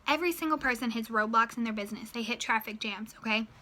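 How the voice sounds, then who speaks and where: A chatty woman in her thirties with a bright, crisp, fairly high voice. She tells a story in a lively way and acts out her own thoughts as she goes. She sounds like she is talking to her followers on a casual motivational vlog. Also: quick pace. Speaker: direct sales team leader.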